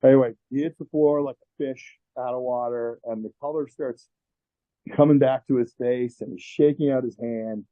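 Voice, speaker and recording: A man's voice: mid-range voice, fairly even intonation, moderate pace, phone-quality sound. A man telling a story as an interview guest in a candid, profane way with lots of fillers. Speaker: tattoo artist guest. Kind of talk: casual storytelling.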